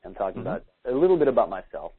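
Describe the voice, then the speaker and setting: A man gives dating advice on a podcast in rapid-fire, sing-song speech, casual and full of "likes," acting out sample dialogues along the way. His mid-range voice is husky, and the audio is narrow and tinny.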